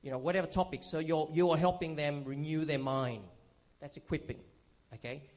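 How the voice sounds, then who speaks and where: A man teaching from the pulpit in a relaxed, conversational sermon style. His voice sits a little high for a man, and he keeps checking in with the congregation as he explains. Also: fairly quick. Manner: conversational, frequent "okay?" check-ins and fillers. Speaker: pastor.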